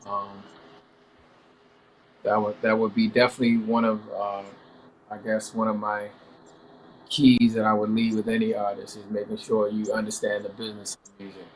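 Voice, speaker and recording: A middle-aged male R&B singer giving a measured, explanatory interview answer. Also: lowish voice, monotone, slight background noise, low-quality recording. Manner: measured, explanatory, says "you know what I mean". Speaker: R&B singer guest.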